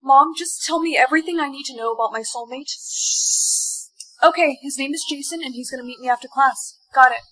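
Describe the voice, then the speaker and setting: A young woman with a sassy, quick-witted delivery in an acted short-video skit. Her voice sits high for a woman. She fires back her lines with attitude. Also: a bit bright. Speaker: skit actor.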